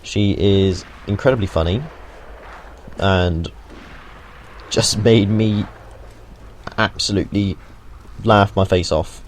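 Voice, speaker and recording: Low-voiced jokey gamer. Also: male voice, slow, pauses often, slight background noise. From United Kingdom. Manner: jokey, rambling asides, mild swearing. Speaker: gaming video host. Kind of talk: casual gameplay walkthrough commentary.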